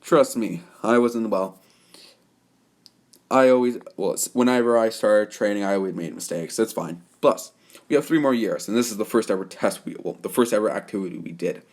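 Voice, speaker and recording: A man voicing a calm, cocky young male swordsman who speaks in a measured, quietly threatening way in a fan story. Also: on the low side. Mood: reassuring.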